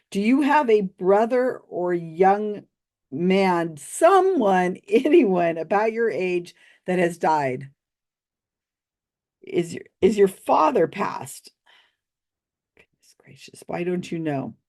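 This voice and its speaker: Skeptic host, woman, low-pitched, slow, sarcastic commentary. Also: a little mellow. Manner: sarcastic, mocking, with bursts of laughter. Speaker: host reviewing a psychic reading.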